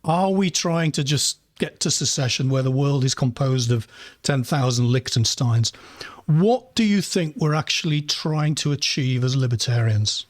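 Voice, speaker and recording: A man's voice: fairly high pitch, expressive, moderate pace, hardly any pauses, no echo, clean studio sound. A man hosting a podcast interview, asking rambling, chatty questions with plenty of fillers. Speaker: podcast host. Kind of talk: conversational interview.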